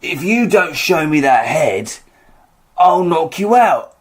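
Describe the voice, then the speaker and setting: A man voicing a rude, gruff male Titan giant who talks in rhyme and hurls rough slang insults. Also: on the high side, very animated, slow pace, full character voice. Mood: threatening.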